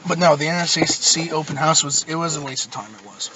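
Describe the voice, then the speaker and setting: A man's voice: on the high side, steady tone, fast. A young man from Nova Scotia, Canada, telling a rambling, profane story in casual podcast chat. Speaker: podcast host. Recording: muffled distant mic with loud noise.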